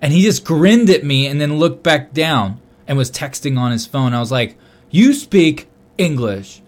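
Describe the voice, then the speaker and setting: A young man casually telling a long story on a podcast, swearing often and getting loud when he quotes himself. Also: mid-range voice, moderate pace. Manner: animated, swears a lot, loud bursts when quoting himself. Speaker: podcast co-host.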